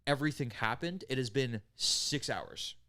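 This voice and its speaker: A man's voice: medium pitch, animated, normal speed, bright, forceful tone, no echo. A man casually telling a grim story to friends on a podcast, rambling and profane, with many "right?"s and "like"s. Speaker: podcast host.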